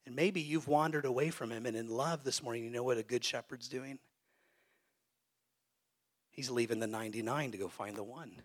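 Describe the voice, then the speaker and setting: A man who is a pastor, preaching a sermon to a congregation and swinging between hushed, soft phrases and loud, emphatic peaks. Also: mid-range voice, moderate pace, long pauses. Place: church sanctuary.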